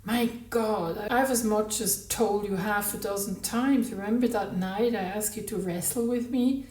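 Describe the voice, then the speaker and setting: A woman reading a novel aloud, voicing a brash, volatile, flirtatious married woman who exclaims loudly. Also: medium pitch, moderate pace, far from the mic, close to an everyday voice. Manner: loud, exclaiming, mercurial. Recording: roomy, from the mic.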